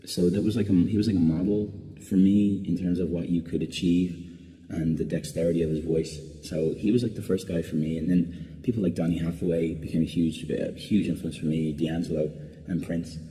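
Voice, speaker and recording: A man's voice: low-pitched, fairly even intonation, a little fast, warm tone. A man, a singer being interviewed, answering casually and rambling with lots of restarts and "like" fillers. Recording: long reverb.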